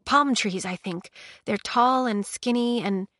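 Narrator voicing a worn-out young woman, soft and hushed, hesitant, storybook, close dry read. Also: a little high, slow, dry recording. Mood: hushed awe. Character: young woman, feverish and exhausted, soft-spoken.

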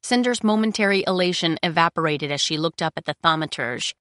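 Reading a scripted audiobook chapter, a female narrator uses a lowish, measured voice with expressive storytelling delivery. It's a clean studio recording without any room sound.

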